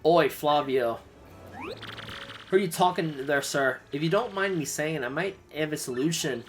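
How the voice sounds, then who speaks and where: A man voicing a gruff, loyal male bomb-creature sailor with rough, folksy speech. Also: a little high, moderate pace, soft background music, close to an everyday voice.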